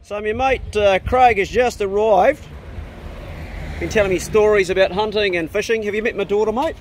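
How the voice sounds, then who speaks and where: A chatty New Zealand man in his forties narrates a relaxed road-trip vlog in a slightly raised voice. He talks easily to the camera and coos at his dogs, filmed on a handheld camera inside a truck and at the roadside, with a faint hiss underneath. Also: high-pitched, moderate pace. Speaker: vlogger.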